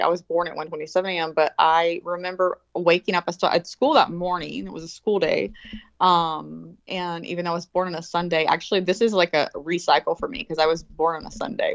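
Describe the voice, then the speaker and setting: A woman, telling a story in a casual chat, animated and swearing freely, acting out quoted voices. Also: fairly low pitch, dry recording. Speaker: guest. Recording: dull lo-fi call audio.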